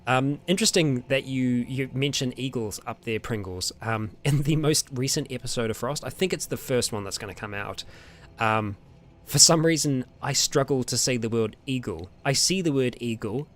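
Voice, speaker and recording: A young man with an Australian or New Zealand accent, hosting a casual question-and-answer chat with his viewers, relaxed and rambling with lots of ums and small laughs. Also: mid-range voice, moderate pace, a little hiss or hum. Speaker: roleplay channel host answering viewer questions.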